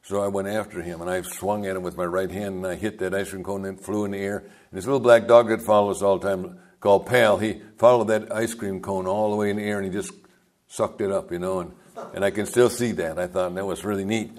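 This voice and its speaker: A man's voice: deep voice, steady tone, fast talker, a little mellow. An older man, a pastor, telling rambling folksy stories in a sermon and chuckling as he goes. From United States.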